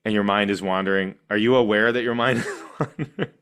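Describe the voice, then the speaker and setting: A middle-aged man teaching a meditation class, animated and laughing often, with playful asides. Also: fairly low pitch, brisk, clean tone.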